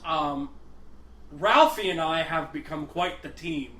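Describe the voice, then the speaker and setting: Podcast co-host, man, high and bright, loose swearing storyteller. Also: takes it slowly. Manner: rambling storyteller, swears freely. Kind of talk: casual chat. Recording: echoey room.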